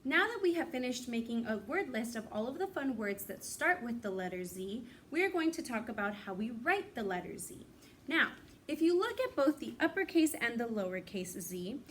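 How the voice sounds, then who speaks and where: A woman's voice: on the high side, very animated, fairly bright tone, recorded from a distance, a little hiss or hum. Upbeat woman teaching young kids. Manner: slow, clear, encouraging teacher talk. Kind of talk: kindergarten phonics lesson.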